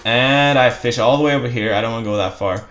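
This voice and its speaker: Over faint music and through a dull lo-fi mic, a man talks fast in a mid-range, slightly bright voice as he plays a strategy game. His live commentary on his own match is casual and rambling, full of self-mockery and dry sarcasm.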